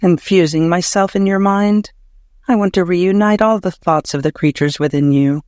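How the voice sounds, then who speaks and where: High-voiced man reading devotional prose. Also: normal speed, a little mellow, no room sound, clean studio sound. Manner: fervent, prayerful, emotional. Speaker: audiobook narrator.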